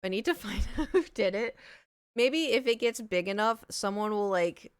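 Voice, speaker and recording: A young woman streamer telling a story to her live chat in a rambling, chatty way, full of "like" and quick laughs. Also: medium pitch, lively intonation, clean tone, dry recording, studio quality. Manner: chatty, rambling, heavy use of "like", laughs easily.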